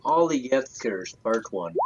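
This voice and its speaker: A man's voice: mid-range voice, animated, measured pace, noisy background. A man playing a tabletop game, teasing the others with wisecracks. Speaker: player. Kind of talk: casual tabletop game talk.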